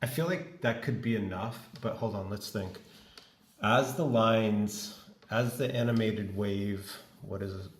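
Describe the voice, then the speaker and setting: Guy slowly dictating code instructions, kinda low voice, roomy room, keyboard clicks behind. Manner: slow, halting dictation with restarts. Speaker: web developer. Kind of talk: dictating prompts to an AI coding tool.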